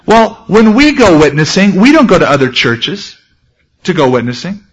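A pastor delivering a sermon in a fairly high male voice. His tone is earnest and direct. He slows to a measured pace whenever he reads scripture. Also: sing-song, husky, low-quality recording.

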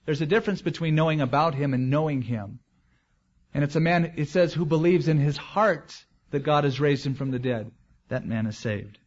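A man's voice: on the high side, normal speed, highs cut off. A man as pastor, preaching a verse-by-verse expository sermon in a conversational way with joking asides.

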